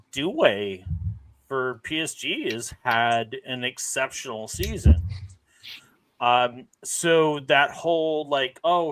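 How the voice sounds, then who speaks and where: A man chats about football on a fan show, hesitant and feeling his way with lots of ums and restarts. He speaks slowly, in a slightly higher voice. The recording is dry and close. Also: a bit bright, no echo. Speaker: co-host. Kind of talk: casual sports talk.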